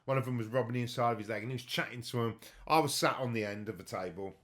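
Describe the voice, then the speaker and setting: A man's voice: mid-range voice, very fast. A man hosting a podcast, telling crude stories in casual banter. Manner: crude, animated storytelling. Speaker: podcast host.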